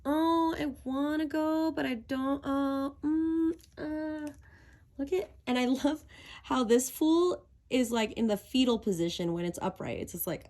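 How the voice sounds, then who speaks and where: A woman's voice: high voice, animated, a little slow, creaky, darkish tone. A woman doing a casual tarot reading for her viewers, chatty and giggly and talking straight to them. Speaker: tarot reader.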